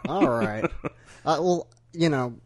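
A man's voice: a little high, lively intonation, dry recording. A man with a Southern US accent, co-hosting a casual chat show and trading jokes. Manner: joking, teasing, quick banter. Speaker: podcast co-host.

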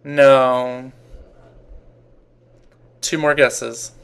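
A man co-hosting a loose, casual talk show. He is chatty and laughs often. His pitch sits in the middle. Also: flat delivery, extremely slow, gravelly, slight background noise. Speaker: podcast co-host. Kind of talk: casual chat.

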